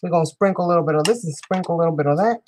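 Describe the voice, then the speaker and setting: A woman's voice: lowish voice, racing, a little mellow, slight background noise, poor audio. A woman hosting a live crafting show, chatting playfully with viewers as she works and often breaking into giggles. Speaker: crafting channel host. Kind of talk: live crafting demonstration chat.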